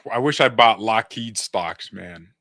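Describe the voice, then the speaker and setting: Dude on a late night livestream, kinda low but bright sounding voice, dry close mic, joking around. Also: male voice, measured pace, no echo. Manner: joking, laughs often, slangy. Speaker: co-host of a live stream. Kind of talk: casual live-stream news chat.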